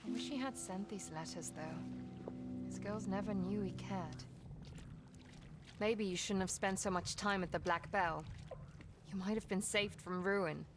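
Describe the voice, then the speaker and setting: An actress playing a blunt, wry game heroine who talks to a ghost and keeps a spoken diary. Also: female voice, medium pitch, over music, close to an everyday voice. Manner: wry, blunt, quick to anger. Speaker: game protagonist. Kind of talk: game dialogue and diary monologue. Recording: noisy game ambience.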